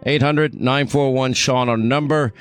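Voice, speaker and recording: A man hosting a call-in radio show, talking fast with stammering restarts and a slight New York accent. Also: medium pitch, steady tone, clear, resonant tone, faint music behind. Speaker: radio talk show host.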